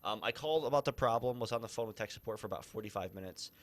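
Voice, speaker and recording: A man from Ohio hosting a casual gaming podcast, chatty and animated, acting out quotes in exaggerated voices. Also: fairly low pitch, racing. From Ohio, USA. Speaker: podcast host.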